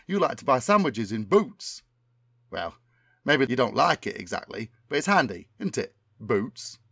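A man's voice: medium pitch, a bit bright, no echo, clean studio sound. A man doing an impression of a middle-aged northern English entertainer with a Bolton accent, rambling in a chummy, oblivious way.

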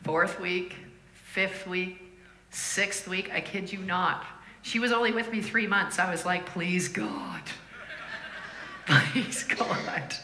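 A woman preaching a sermon as a lively storyteller, laughing often and acting out the voices of people in her stories. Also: on the low side, unhurried, reverberant, slight background noise.

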